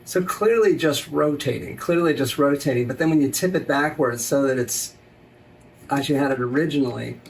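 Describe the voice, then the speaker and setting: A man's voice: mid-range voice, normal speed, vocal fry, slight background noise. An enthusiastic man presenting a science demonstration, explaining optical illusions to a partner. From USA. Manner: enthusiastic, upbeat.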